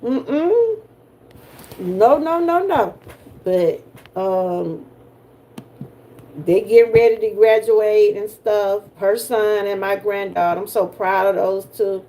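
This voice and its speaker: A woman's voice: medium pitch, fairly even intonation, slow, mellow. An older woman with a Southern US accent, from Georgia, hosting a casual livestream chat and talking straight to her viewers in a folksy way. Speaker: livestream host.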